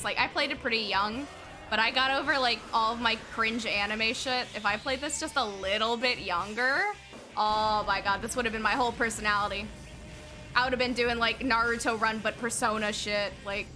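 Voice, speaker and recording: A woman in her twenties giving casual commentary while she plays a video game, rambling and excitable, dropping swears freely. Her voice is bright and a touch high. Faint game music plays underneath. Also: normal speed. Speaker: game streamer. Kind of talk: casual let's-play commentary.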